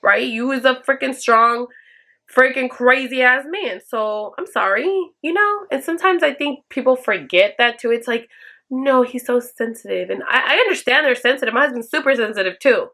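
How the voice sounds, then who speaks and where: Blunt, bright-voiced woman vlogger. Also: high voice, normal speed. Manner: blunt, profane, emphatic; acts out quoted lines in a raised voice. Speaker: vlogger answering viewer questions. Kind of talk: casual advice chat to camera.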